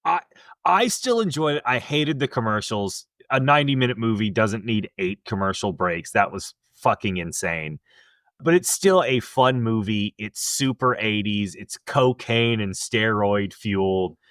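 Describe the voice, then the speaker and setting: A man co-hosting a movie podcast in casual chat, playful and quick to laugh. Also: lowish voice, lively intonation, fairly bright tone, no room sound, studio quality. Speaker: podcast co-host.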